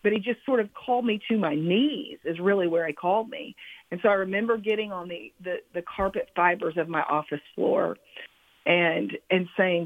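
A woman author giving a reflective, halting personal testimony as a guest on a radio interview. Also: lowish voice, no room sound. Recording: phone line, dry.

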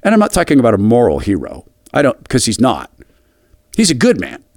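A man's voice: wildly swooping pitch, darkish tone, no echo. An earnest middle-aged man tells a personal story on his commentary show. His voice rises and falls widely as he speaks, and he often stops to restart a phrase. The sound is close and dry, with no room around it. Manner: earnest, halting, with restarts and a wide pitch swing. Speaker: radio commentary host.

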